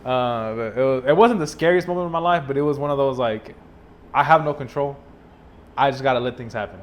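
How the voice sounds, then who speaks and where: Young guy, mid-pitch, easygoing and animated storyteller, for a casual podcast anecdote. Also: fairly quick, slight background noise. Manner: animated, laid-back storyteller with many fillers.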